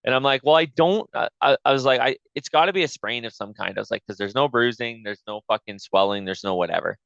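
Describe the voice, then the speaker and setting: A man on a podcast spins a profane, animated story, playing out his own side of each exchange. His voice is bright and forceful, with a smooth, clean tone. The audio is dry but a little dull and lo-fi. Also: medium pitch, quick pace, no echo. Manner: profane, animated retelling with quoted back-and-forth. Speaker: podcast host. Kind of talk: casual storytelling chat.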